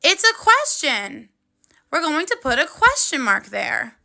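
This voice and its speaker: Woman teacher doing a first grade video lesson, high voice, slow and clear, encouraging the kids. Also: wildly swooping pitch, bright, forceful tone. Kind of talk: video phonics lesson for children.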